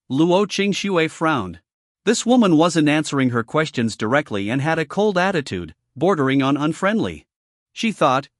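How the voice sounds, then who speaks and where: A man with a slightly high, lively voice narrates a story recap, voicing every character's lines without changing his voice. The recording is dry and close, with no room sound. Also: no echo.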